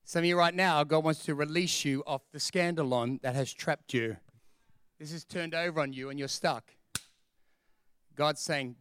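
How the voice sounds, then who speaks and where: A man preaching a sermon as a pastor, animated and storytelling, acting out the voices of the people in his stories. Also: fairly high pitch, moderate pace, clear, resonant tone, no echo, clean studio sound.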